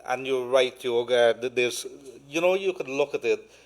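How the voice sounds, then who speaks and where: A man's voice: medium pitch, normal speed. A man hosting a talk show, speaking in a rambling, hesitant way with many fillers. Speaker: host, senior journalist.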